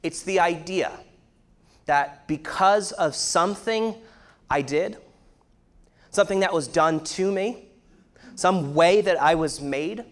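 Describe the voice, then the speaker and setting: Man, thirties, earnest sermon-style talk, explanatory, um-filled, slightly high pitch. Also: slow, long pauses. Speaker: speaker teaching on shame.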